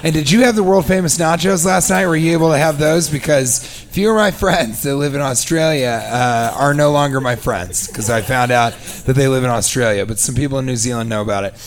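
A man telling a comic story, sarcastic and animated, acting out both sides of a conversation. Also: mid-range voice, brisk, few pauses. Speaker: comedian. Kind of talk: comedic storytelling.

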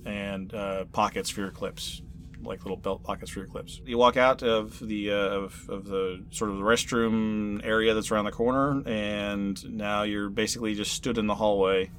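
A man narrating a sci-fi tabletop game as game master, relaxed and full of fillers. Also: lowish voice, moderate pace, a little hiss or hum.

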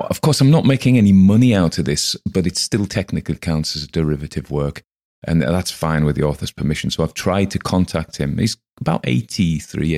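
A man's voice: rumbling low, darkish tone. A man hosting a story podcast, talking casually in a chatty, digressive way. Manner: chatty, digressive, self-deprecating. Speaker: podcast host and reader. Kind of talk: casual chat.

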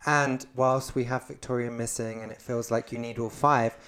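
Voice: medium pitch, fairly even intonation, moderate pace, a bit bright. A podcast co-host chatting casually, rambling with many fillers and restarts. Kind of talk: casual chat.

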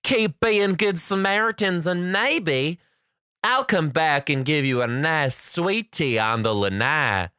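A man's voice: fairly high pitch, expressive, takes it slowly, sharp tone, clean tone, no room sound, clean studio sound, full character voice. A man voicing Mother Nature as a flirty, sweet Southern-belle woman, syrupy and drawn out. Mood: sugary, gracious.

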